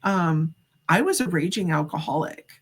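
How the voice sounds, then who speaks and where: Lively storytelling middle-aged woman, low voice. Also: moderate pace, slightly rough. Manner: animated, acts out quoted dialogue, frequent "like" fillers. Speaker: guest psychic medium. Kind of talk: casual storytelling in a podcast interview.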